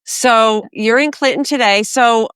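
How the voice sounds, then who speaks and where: A woman's voice: fairly high pitch, measured pace, fairly bright tone, smooth, no room sound. Upbeat woman podcast host, dry sound. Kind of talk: casual interview chat.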